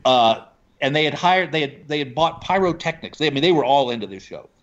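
A man from Texas, a stand-up comedian telling animated stories about his gigs in a casual chat. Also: fairly high pitch, fairly quick, muffled recording. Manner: animated storyteller, acts out quoted voices.

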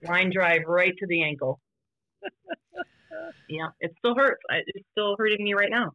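A woman guest on a podcast, telling stories about playing vintage baseball in an animated, casual way. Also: unhurried, muffled recording. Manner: animated, voice jumps high when quoting others. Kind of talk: casual storytelling chat.

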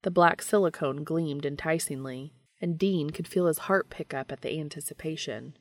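Woman narrator, low pitch, vocal fry, steady storytelling, dry close recording. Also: moderate pace, no room sound. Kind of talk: audiobook reading of fan fiction.

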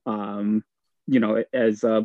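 A thoughtful man working through his ideas on a podcast panel, pausing often to find his words. His recording sounds dull and slightly lo-fi, and it is dry. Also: on the low side, little pitch movement, no room sound. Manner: thoughtful, hesitant, many fillers. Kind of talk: casual discussion.

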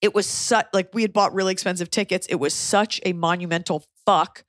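A woman's voice: lowish voice, brisk, dry recording, studio quality. A woman comedian hosting a podcast, telling stories in casual chat and acting out other people's lines. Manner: animated storytelling, acting out quotes.

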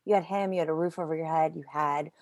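A woman interviewing a guest, gently repeating the guest's words back to her. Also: low-pitched, steady tone, fast.

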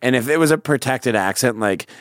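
A man's voice: mid-range voice, lively intonation, brisk, dry recording, studio quality. A man who is a comedian guest on a comedic advice podcast, talking in a rambling, ranty way and breaking into silly voices.

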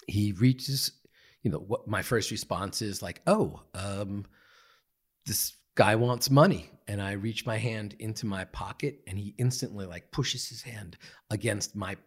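Low husky guy, earnest, lots of ums and restarts, podcast guest. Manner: earnest, halting, many fillers and restarts. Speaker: guest, meditation teacher. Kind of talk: reflective storytelling. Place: podcast studio.

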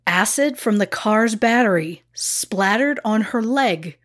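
A woman's voice: mid-range voice, lively intonation, slow pace, a bit bright. A woman co-hosting a casual true crime podcast, telling the story in a chatty, self-deprecating way. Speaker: podcast co-host.

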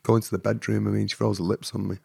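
A Mancunian man speaks as a podcast guest, his voice low and full of gravelly fry. He tells his story in a rambling way, with fillers and tags like "you know what I mean". The sound is close and dry, with no room in it. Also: little pitch movement, rapid-fire, a little mellow, no room sound. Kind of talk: storytelling in an interview.

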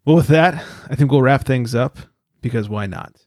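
Speaking at a normal pace in a mid-range, slightly mellow voice, a man hosts a laid-back beer podcast, joking around and reading short news stories aloud. There's no echo, and the studio sound is clean.

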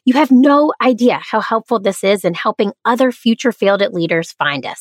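A woman's voice: mid-range voice, expressive, normal speed, few pauses. A woman with a nasal twang and a Southern and Midwestern American accent, hosting her own podcast in an upbeat, playful way. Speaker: podcast host. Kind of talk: podcast host monologue.

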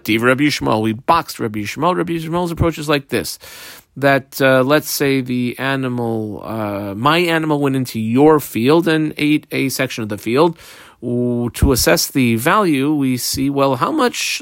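Speaking at normal speed on a recording with no room sound, a man leads a Talmud lesson. His delivery is animated with lively pitch swings as he reads Aramaic phrases and explains them in English, full of fillers.

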